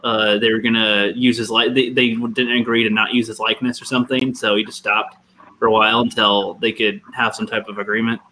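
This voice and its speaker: A man's voice: fairly low pitch, little pitch movement, a little fast, bright, forceful tone, a little hiss or hum, poor audio. A man speaking as a panelist in a casual online chat, rambling and laid-back with lots of fillers.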